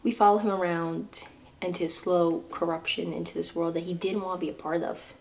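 Podcast host, young woman, New York accent, low gravelly voice, chatty and conversational. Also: a little mellow. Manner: chatty, conversational, asides to listeners. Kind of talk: casual solo book-and-film chat.

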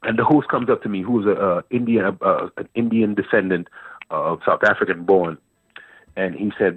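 A man in his fifties from Antigua tells stories as a radio interview guest, repeating himself with animated energy. His voice is low and husky. It comes through a dry, narrow phone-like line. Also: normal speed, no room sound. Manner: animated storyteller, repeats words and phrases. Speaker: guest poet.

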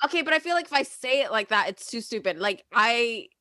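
A young woman chatting with a bright, forward voice that sits a little high. She gushes and swears freely. The sound is dry and close. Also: a little fast, no echo. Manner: gushing, crude, animated. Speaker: podcast co-host. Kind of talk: casual chat.

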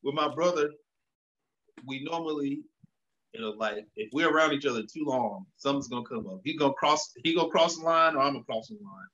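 Animated man telling stories, dull sound. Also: mid-range voice, a little fast. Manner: animated storyteller acting out both sides of conversations. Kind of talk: casual chat.

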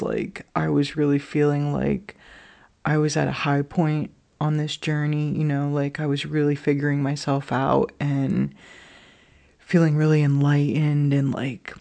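A woman speaking in a confessional personal vlog, her voice gravelly with constant vocal fry. She talks emotionally and openly, swearing freely and filling her thoughts with "like" and "you know what I mean". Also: low-pitched, warm tone.

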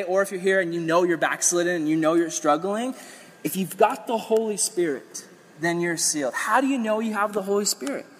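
A man preaching a sermon in an energetic, conversational way with playful asides, his voice a little strained as he is losing it. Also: high voice, slightly rough, big-room sound.

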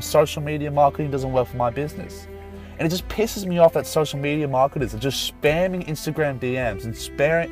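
A man's voice: medium pitch, darkish tone. Angry, passionate man ranting on a podcast. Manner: angry, passionate, swearing, apologetic. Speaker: podcast host and Facebook marketer. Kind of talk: unscripted podcast rant.

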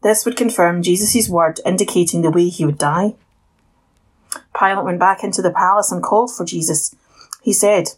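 A woman narrating a Bible passage in a steady, plain reading manner with a husky tone. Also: on the low side, moderate pace, low-quality recording. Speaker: Bible reader. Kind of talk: scripture narration.

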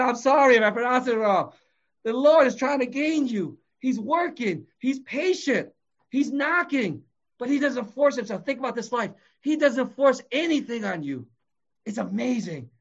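A man with a high-pitched voice delivers a passionate sermon. He swings from shouting to quiet, intimate passages. The recording sounds dull and lo-fi. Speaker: preacher.

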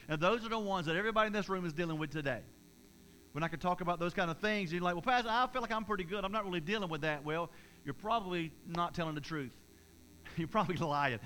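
A man's voice: on the high side, bright, forceful tone, a little hiss or hum, rough recording. A male pastor preaching a conversational sermon to his congregation, with many stammered restarts and repeated words. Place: church service before a congregation.

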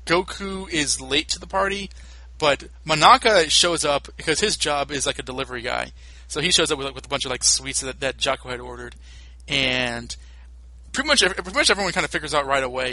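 A man's voice: mid-range voice, sharp tone, no room sound, poor audio. A man hosting a podcast, recapping episodes in a casual, rambling way with lots of fillers and restarts, recorded on a home mic over a call. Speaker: podcast host.

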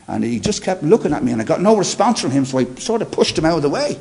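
A man, an interview guest telling his personal testimony in an animated way and acting out the dialogue. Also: a little high, quick pace, creaky.

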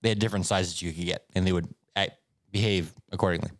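A man co-hosting a podcast, telling stories in a casual, animated way. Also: quick pace, no echo, clean studio sound. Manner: animated storyteller, swoops up in pitch for effect. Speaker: podcast co-host. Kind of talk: casual chat, reading stories aloud.

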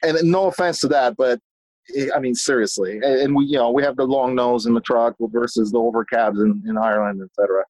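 A man telling stories as a guest in a casual conversation, animated and talkative, often restarting his sentences. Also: medium pitch, fast, no room sound, low-quality recording. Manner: swears casually. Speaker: guest, business owner.

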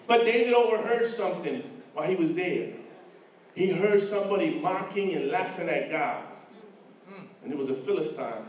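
A man preaches to his congregation, acting out the voices of the story he retells and building to fervor. His voice sits high. The recording is dull and echoing, picked up from far across a church hall. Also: expressive, moderate pace, a little hiss or hum. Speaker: pastor. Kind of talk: sermon. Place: church sanctuary.

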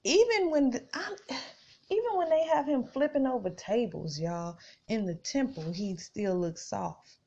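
A woman hosts a podcast, reading scripture and chatting casually with listeners she calls "y'all," repeating phrases for emphasis. Her voice is on the high side, animated and warm with vocal fry, and she speaks unhurriedly on a dull lo-fi recording.

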